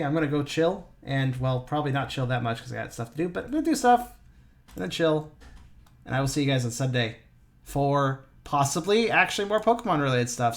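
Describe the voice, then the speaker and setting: Brief: male streamer, casual rambling chat, self-correcting, chuckles, voice-chat mic. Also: medium pitch. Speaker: streamer and player. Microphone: push-to-talk voice chat mic.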